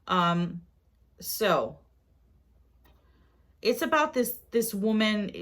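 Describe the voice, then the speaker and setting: A woman's voice: a little high, unhurried, pauses often. A woman vlogger chatting casually to her viewers about her shopping haul, rambling with asides and questions to them.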